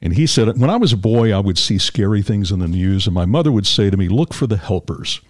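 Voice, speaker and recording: Male host, fairly low voice with a lively, expressive delivery; halting, friendly questions. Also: no echo, studio quality. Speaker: podcast host, interviewer. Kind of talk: interview chat.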